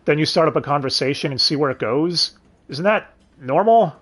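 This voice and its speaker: Sarcastic guy ranting about a dub, swears a lot, voice jumps up and down a bunch, kinda high. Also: lively intonation, normal speed. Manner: sarcastic, swears often, sighs and asks the audience. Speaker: reviewer. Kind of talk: casual commentary.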